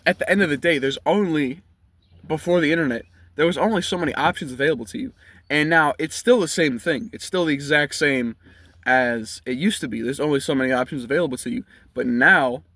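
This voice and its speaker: A man in his 20s, a vlogger, delivers a heated, blunt, profane rant from inside his car. His voice sits on the high side and comes across pushed and bright, and the recording is dry.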